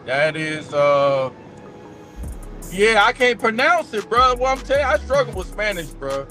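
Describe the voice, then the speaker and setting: Male vlogger, 40s, high-pitched, unhurried, slangy self-talk from the driver's seat. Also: big pitch swings, pushed and bright, soft background music. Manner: thinks aloud, slangy, mutters and sounds words out slowly. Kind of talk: casual chat while practicing languages.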